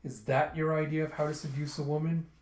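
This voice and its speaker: A man doing a gruff old pirate captain woman. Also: a little high, level tone, fairly quick, a little mellow, natural voice. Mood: scolding. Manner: curt and scolding. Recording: roomy echo.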